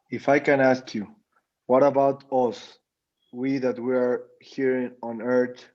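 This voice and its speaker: A man's voice: medium pitch, highs cut off. A man on a video call asking a rabbi a question, searching hesitantly for his words.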